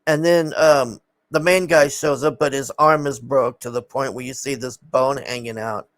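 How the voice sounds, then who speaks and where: A man's voice: medium pitch, steady tone, moderate pace, a bit bright, no echo. A man casually recapping a film in a rambling, exasperated way, swearing often and sighing.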